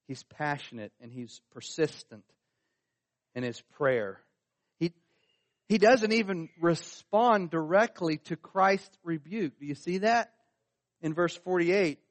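A man's voice: on the high side, no room sound. A man preaching a sermon, earnest and pressing his points, lifting his voice when he reads scripture. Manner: earnest, rising in emphasis on scripture quotes. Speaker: pastor.

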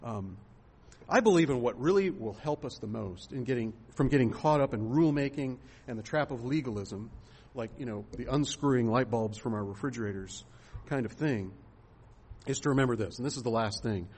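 A man's voice: mid-range voice, fairly quick, darkish tone, breathy edge. A man pastor giving a sermon in a conversational way, asking rhetorical questions and using fillers.

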